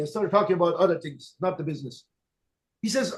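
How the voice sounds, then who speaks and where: A man with a notably high voice speaks about sales in an emphatic, direct way. He drives home his points by repeating them, like a network marketing leader telling stories from the field. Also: quick pace. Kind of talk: motivational storytelling talk.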